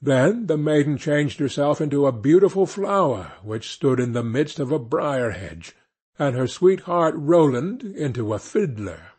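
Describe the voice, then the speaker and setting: A man reads a fairy tale aloud at an unhurried pace, his voice husky and breathy. His pitch rises and falls widely as he leans into the story's turns. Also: lively intonation, darkish tone. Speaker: audiobook narrator. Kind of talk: scripted fairy tale narration.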